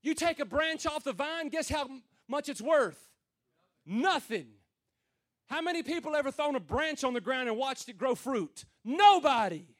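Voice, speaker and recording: A man preaching to a room of men in a notably high voice. He talks plain and folksy, swinging from loud, emphatic calls down to quiet, low murmurs. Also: expressive, moderate pace. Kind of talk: sermon to a men's gathering.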